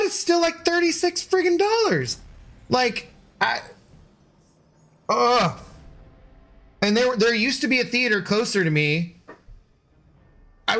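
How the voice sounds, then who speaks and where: A man's voice: high-pitched, a bit bright. A young man streaming a game, chatting casually and ranting with exasperation, swearing freely. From United States. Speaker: gaming streamer. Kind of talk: casual live-stream commentary.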